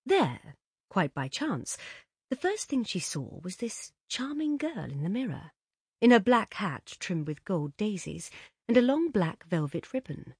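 A woman reading a literary story aloud as narrator in an expressive, measured way. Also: mid-range voice, slightly rough, no room sound, clean studio sound. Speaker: audiobook narrator.

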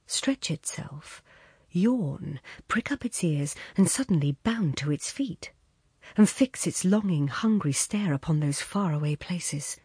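Woman reading a short story, husky lowish voice, lots of melody, super dry close sound. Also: dry recording. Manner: measured, expressive storytelling with soft hushed passages. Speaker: narrator. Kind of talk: audiobook narration.

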